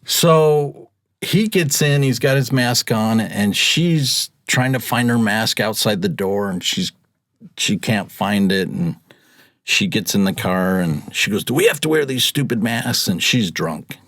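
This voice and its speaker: A chatty man in his fifties with a fairly low voice tells stories in a casual, laughing way. He acts out what people said, and the sound is dry and close. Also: slow, a bit bright, dry recording. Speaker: podcast guest, rideshare driver. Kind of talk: casual storytelling.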